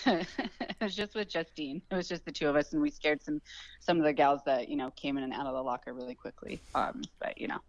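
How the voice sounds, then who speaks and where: A woman's voice: sits low, fairly even intonation, a little fast, dry recording. A woman in her thirties, a fighter, talking candidly and reflectively on a phone call with lots of ums. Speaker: guest fighter. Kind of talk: casual interview by phone.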